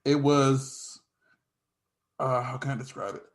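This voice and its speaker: A man hosting a casual podcast chat, rambling and halting, with repeated restarts. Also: mid-range voice, steady tone. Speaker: podcast host.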